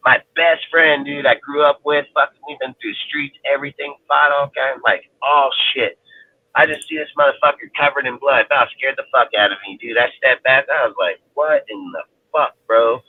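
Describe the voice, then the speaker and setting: A man's voice: mid-range voice, fairly even intonation, normal speed, no echo. A man from Northern California telling a personal story as a roundtable panelist, blunt and heavy on swearing, with "dude" in nearly every line. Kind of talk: casual storytelling. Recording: tinny phone-line audio.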